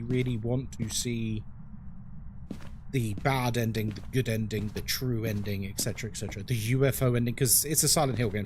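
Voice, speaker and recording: A man's voice: mid-range voice, noisy background. A man streaming a horror game, chatting casually, greeting viewers and laughing often. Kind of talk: casual live-stream chat.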